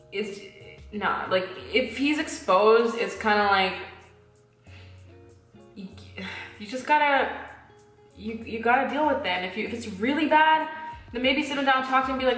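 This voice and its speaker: In an echoey room with faint music, a young woman with a mid-range, slightly bright voice hands out frank relationship advice in casual conversation. She curses without hesitation and plays out short back-and-forths.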